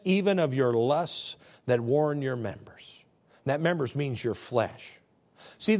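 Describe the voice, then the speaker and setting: A middle-aged man preaching a sermon, animated, full of jokes and rhetorical questions. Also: high voice. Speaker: pastor.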